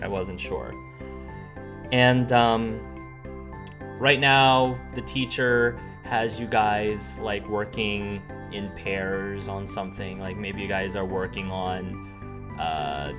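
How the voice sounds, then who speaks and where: Rambling male game master. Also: lowish voice. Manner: rambling, full of fillers and restarts. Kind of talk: narrating a tabletop game.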